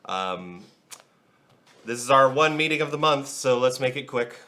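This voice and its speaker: A man voicing a hurried, impatient king in a tabletop game. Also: medium pitch, lively intonation, voice pushed up. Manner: brisk, loud, impatient.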